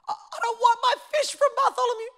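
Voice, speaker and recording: A woman's voice: extremely high pitch, flat delivery, quick pace, creaky, fairly bright tone, voice pushed up, full character voice. A woman preacher voicing a whiny, self-important churchgoer who complains and stammers with indignation. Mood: indignant.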